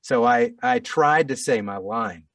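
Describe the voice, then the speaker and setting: A middle-aged man, an audiobook narrator, telling a story in a casual interview, animated and self-deprecating with frequent restarts. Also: a little high, unhurried, gravelly, no room sound, far from the mic.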